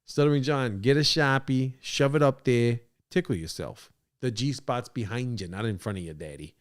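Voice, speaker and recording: A man hosting a podcast, reacting to a clip with crude, excitable, rambling commentary. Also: mid-range voice, moderate pace. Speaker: podcast host.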